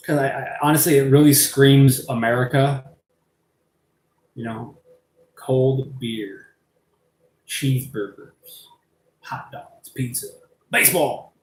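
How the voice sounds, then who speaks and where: Rambling, excitable man in an echoey room. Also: medium pitch, a little hiss or hum. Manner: rambling, excitable, laughs and swears often. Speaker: live-stream host showing his pet invertebrates. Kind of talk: casual rambling live stream. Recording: echoey room with faint ambience.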